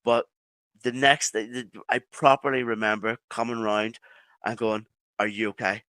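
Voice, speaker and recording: Irish man telling his story, halting. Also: medium pitch, fairly even intonation, fairly bright tone, smooth, no echo. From Ireland. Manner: halting, with many restarts and pauses. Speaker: podcast guest. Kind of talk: telling a personal story in an interview.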